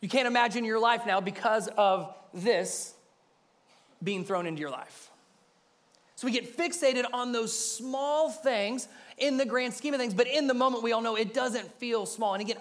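A man's voice: very high voice, normal speed, fairly bright tone. A man pastor preaching a sermon, earnest and emphatic, speaking straight to his listeners and repeating phrases for weight.

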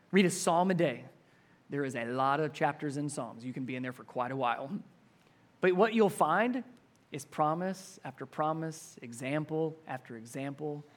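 A man preaching a sermon to a congregation in a church, conversational and animated, often laughing as he explains. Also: a little high. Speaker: pastor.

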